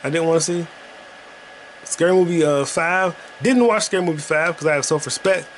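A man's voice: a little high, fairly quick, slight background noise. A man hosting a podcast, chatting casually and profanely while he plays a video game. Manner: rambling, profane, jokey. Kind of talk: casual gaming commentary.

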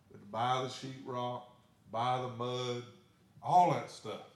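A man's voice: medium pitch, flat delivery, unhurried. A pastor tells his story from the pulpit in a plainspoken, folksy way. His voice sits in a middle range for a man, and it rings through an echoey church sanctuary. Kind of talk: sermon storytelling.

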